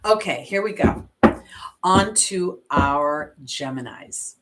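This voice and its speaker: A woman's voice: lowish voice, lively intonation, takes it slowly, a bit bright, a little hiss or hum. A woman, an intuitive astrologer, giving a casual oracle card reading and chatting expressively straight to her viewers.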